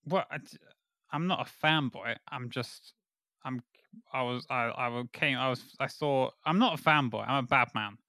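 A man playing in a tabletop game, speaking in character in an awkward, halting, rambling way. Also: medium pitch, sharp tone, no echo. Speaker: player. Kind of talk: casual role-play banter.

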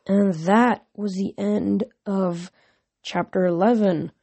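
A woman reads a novel aloud in an easygoing way, often tripping over words and going back to fix them. Her pitch sits in the middle. The recording is dry and close. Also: fairly even intonation, slow, gravelly, dark tone, breathy edge, dry recording. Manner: stumbles and restarts words often. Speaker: reader. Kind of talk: casual read-aloud of a novel.

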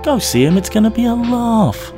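Cheeky English podcast host with a slight American twang. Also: male voice, very high-pitched, very animated, music in the background. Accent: Oxford English with a slight American twang. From England. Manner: playful, cheeky, quick to laugh. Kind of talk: casual podcast chat.

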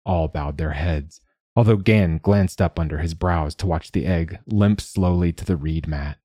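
A man narrates a story in a measured, steady reading voice. His voice is very deep and dark. The recording is close and dry. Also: no room sound. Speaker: audiobook narrator. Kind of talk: scripted narration.

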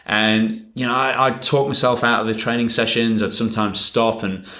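A swim coach from the UK chats casually in an interview, rambling through animated stories. He speaks at a moderate pace in a medium-pitched voice.

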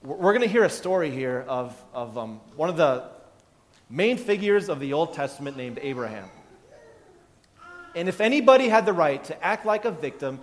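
A man's voice: on the high side, very animated, moderate pace, long reverb tail. A male pastor giving a conversational sermon, often restarting his sentences and chuckling. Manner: conversational, self-interrupting, chuckling.

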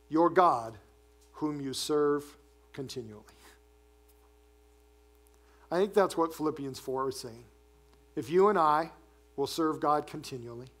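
High-voiced male pastor, preaching, gets lively then goes quiet for the bible bits. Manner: animated preaching, drops low and soft for scripture reading. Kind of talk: sermon.

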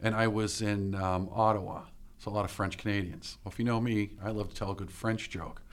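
A man's voice: on the low side, fairly even intonation, fairly quick. A man co-hosting a casual podcast chat, telling a light, jokey story about his work. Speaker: podcast co-host.

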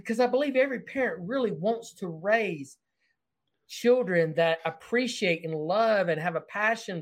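A man in his forties with a Southern American accent, hosting an interview in a warm, encouraging manner. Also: high-pitched. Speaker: podcast host. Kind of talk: conversational interview.

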